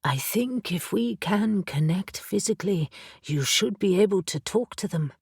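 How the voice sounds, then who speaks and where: A woman voicing a calm, measured male water-horse familiar spirit in an audiobook. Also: medium pitch, gravelly, slightly rough, no room sound, clean studio sound, full character voice.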